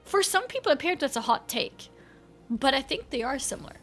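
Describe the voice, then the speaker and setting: A woman's voice: high voice, very animated, fast talker, fairly bright tone, soft background music. A woman chatting casually on a live game stream, reading chat aloud and laughing often.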